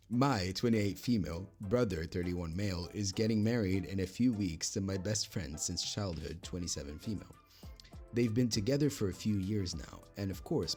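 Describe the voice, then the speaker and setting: A lower-pitched man reads an online post aloud and reacts to it as he goes. He trips over his words, laughs at his own mistakes and drifts into a put-on British accent. Faint music plays behind him. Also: darkish tone. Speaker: reaction video host. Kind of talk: reading an online post aloud with live commentary.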